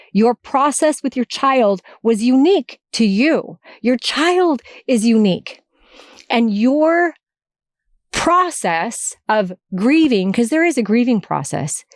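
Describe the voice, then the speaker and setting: Woman, 40s, podcast host; earnest heartfelt monologue, mid pitch, dry car sound. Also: darkish tone, no echo. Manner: heartfelt, earnest, repeats key phrases. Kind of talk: emotional personal monologue. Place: in her car.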